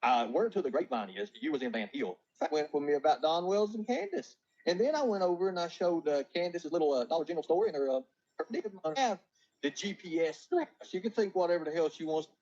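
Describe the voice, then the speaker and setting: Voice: mid-range voice, expressive, quick pace, a little mellow. A livestream guest telling a story in a rambling, profane way. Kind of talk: casual livestream chat. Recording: dull lo-fi stream playback.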